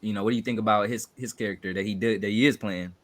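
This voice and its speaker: A man from Chicago with a Chicago accent, chatting casually as co-host of a trailer reaction video, talking with many fillers and animated bursts. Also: fairly low pitch, rapid-fire, no room sound.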